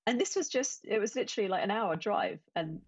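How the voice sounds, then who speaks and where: A woman's voice: medium pitch, lively intonation, a little fast, gravelly, husky, dry recording, lo-fi sound. A woman from England, chatting casually with many restarts and quoted asides. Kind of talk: casual chat.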